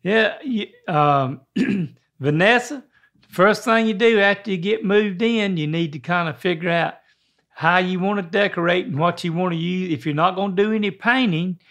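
An older man with a drawl talks in a rambling, folksy way, now and then clearing his throat. His voice sits high for a man. He is giving friendly home advice in a casual chat. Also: normal speed, a bit bright. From American South. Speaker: guest father giving advice.

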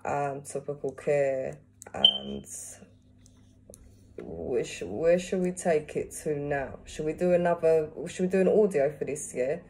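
A woman's voice: low-pitched, big pitch swings, unhurried, background noise. A woman beautician giving casual advice to camera, who tags nearly every phrase with a checking "yeah?" or "okay?" and now and then asks an unseen helper a question aside.

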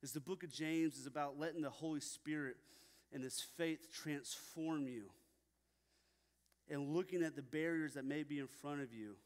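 A man's voice: fairly high pitch, moderate pace. A young man preaching a sermon at a church, telling stories casually with many fillers. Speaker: pastor. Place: church sanctuary. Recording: long reverb in a hall.

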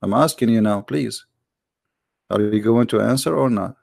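Gravelly man pressing hard in a debate. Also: on the low side, normal speed, a little mellow, dry recording, studio quality. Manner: insistent, presses with repeated questions and interruptions; sarcastic. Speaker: debate host. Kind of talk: heated call-in debate.

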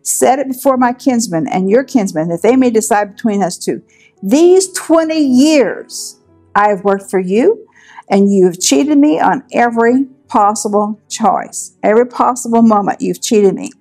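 A woman's voice: a little high, lively intonation, measured pace, a little mellow, soft background music. A woman voicing Jacob, a furious son-in-law who rails at his cheating father-in-law. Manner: heated, tearing into someone. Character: furious grown man, a wronged son-in-law.

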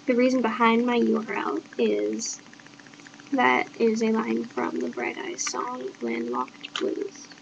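A young woman from Maine talks slowly in a casual vlog, her slightly high voice edged with vocal fry. She reads each question aloud and answers offhand, pausing on fillers. A faint hiss sits under the recording. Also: lively intonation, muffled recording. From Southern Maine, United States. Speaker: vlogger. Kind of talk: casual accent-challenge video.

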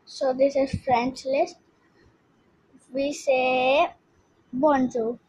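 Slow, halting high-voiced woman teaching. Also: fairly even intonation, a bit bright, no room sound, low-quality recording. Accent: Indian English. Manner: slow, halting, repeats words, frequent pauses. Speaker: language teacher. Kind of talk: slow informal lesson.

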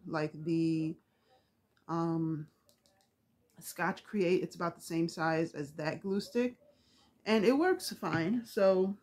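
A woman's voice: fairly low pitch, darkish tone. A woman vlogger chatting casually about craft supplies, rambling with lots of fillers, with the hiccups.

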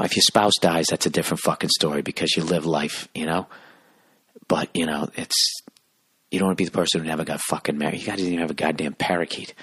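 Brief: low, husky male comic ranting on a podcast, cursing, close dry mic. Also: no echo. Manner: profane, animated, exasperated. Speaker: podcast host, comedian.

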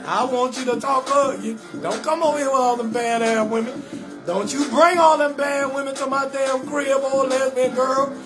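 High-voiced man ranting comedy over music. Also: normal speed. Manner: animated, acts out both sides of a conversation, frequent "hell no". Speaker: comedian hosting a live call-in show. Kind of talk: loud storytelling comedy rant.

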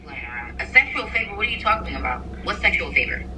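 A young woman talks over a phone call, blunt and incredulous, with plenty of slang. Her tone is very bright and sharp, and she comes through the phone speaker with a faint background hum. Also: mid-range voice, very animated, fast talker. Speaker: partner on the phone.

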